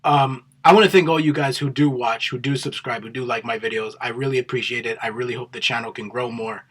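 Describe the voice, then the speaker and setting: A man's voice: medium pitch, steady tone, fast, fairly bright tone, slightly rough. A man giving rambling, profane, opinionated commentary in a casual solo vlog. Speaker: MMA vlogger.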